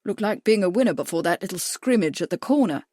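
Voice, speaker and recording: A woman voicing a genial, cautious gentleman adviser who speaks amiably and deferentially, in an audiobook. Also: fairly low pitch, animated, fast talker, no room sound, clean studio sound. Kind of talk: audiobook character voice.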